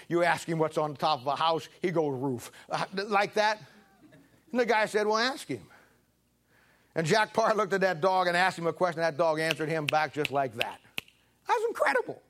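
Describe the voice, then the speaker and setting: A man's voice: a little high, fairly bright tone. A man preaching a sermon, telling a folksy, rambling story full of restarts before making his point.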